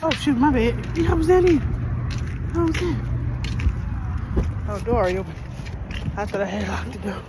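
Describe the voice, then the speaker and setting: A woman vlogging casually to her viewers, loud and profane and laughing often, talking about being a mother. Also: a little high, sing-song, moderate pace, pauses often. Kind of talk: casual vlog chat. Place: outdoors and in a car. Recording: noisy background.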